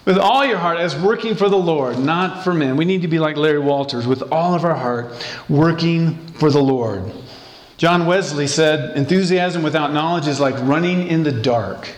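A man preaching a sermon as pastor, passionate and animated, acting out quoted lines playfully. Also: on the high side, moderate pace. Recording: echoey room.

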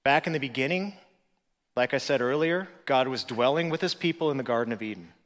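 A man preaching a sermon as pastor, swinging between emphatic, rising passages and quiet, reflective lines. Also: mid-range voice, brisk. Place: church sanctuary. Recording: long hall reverb.

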